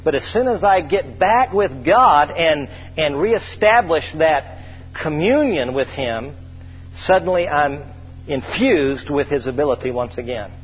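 A man with a fairly high voice preaches in a church sanctuary, drawing out his scripture readings and getting animated as he tells stories. The sound is dull and lo-fi, with a long reverb trailing off his words. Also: slight background noise. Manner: preacherly, drawn-out scripture reading, lively storytelling. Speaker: pastor. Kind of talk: sermon. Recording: dull lo-fi hall recording.

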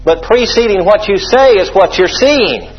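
A man's voice: high-pitched, lively intonation, moderate pace, slightly rough, dull audio. A man preaching a sermon with emphatic delivery, leading the congregation in call-and-response and sprinkling in hallelujahs and amens.

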